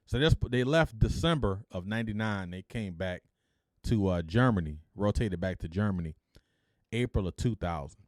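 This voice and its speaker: Animated middle-aged man recounting stories. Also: on the low side, moderate pace, no room sound, clean studio sound. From Detroit, United States. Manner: animated, acts out dialogue, peppers speech with "freaking". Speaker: podcast host telling his life story. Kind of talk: casual spoken storytelling.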